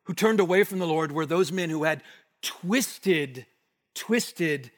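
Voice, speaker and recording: A man preaching an expository sermon, emphatic, rising to forceful bursts and dropping to hushed asides. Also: a little high, animated, slow pace. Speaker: pastor. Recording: long hall reverb.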